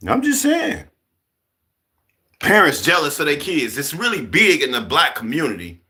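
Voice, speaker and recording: Young man, profane heated rant, bright, lively pitch. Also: normal speed. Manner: animated, heated, swearing, acts out other people. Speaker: vlogger. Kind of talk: profane ranting monologue.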